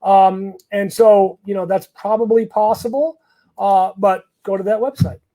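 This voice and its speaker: A lawyer speaks in a high voice as he answers viewer questions in a live session. He is blunt and conversational, full of ums and false starts. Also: fairly even intonation, a little slow, dark tone. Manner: blunt, conversational, many fillers and restarts. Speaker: immigration lawyer.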